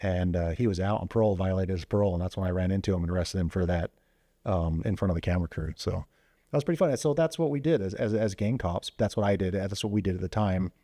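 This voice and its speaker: A man who is a former police officer, telling stories as a podcast guest in a quick, animated way full of fillers and restarts. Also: sits low, dry recording, studio quality. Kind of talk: casual storytelling interview. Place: podcast studio.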